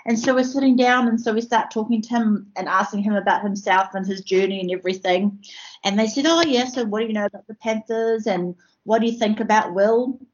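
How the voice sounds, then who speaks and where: A woman, a producer telling a story in casual chat, lively and full of fillers. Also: medium pitch, fairly quick, a little hiss or hum. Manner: lively, laughing, lots of fillers. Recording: slightly muffled recording.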